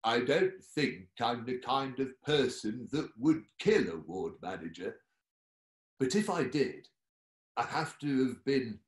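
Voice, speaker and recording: A man voicing an older widower with dementia who speaks in a muddled, halting, earnest way. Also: mid-range voice. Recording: echoey room.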